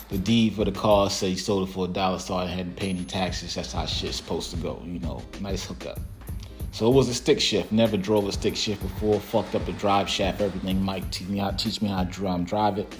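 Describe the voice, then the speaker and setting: A man casually telling a profane, laughing story about a friend and his first car. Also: deep voice. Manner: profane, laid-back and laughing.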